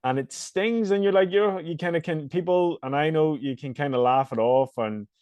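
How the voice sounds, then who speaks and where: A man's voice: a little high, normal speed, darkish tone, clear, resonant tone, dry recording, lo-fi sound. A man with a Northern Irish accent hosting a casual podcast conversation, talking in an earnest, reflective way with lots of "you know" fillers. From Northern Ireland. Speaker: host and fitness coach.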